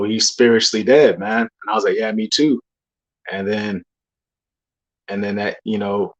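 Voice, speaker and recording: A young man talks in a loose, unscripted way, piling up fillers and slang as he tells a personal story. His voice sits a bit low, and he drifts from one thought to the next. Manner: loose, rambling street slang with many fillers. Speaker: believer sharing dreams. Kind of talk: casual testimony monologue.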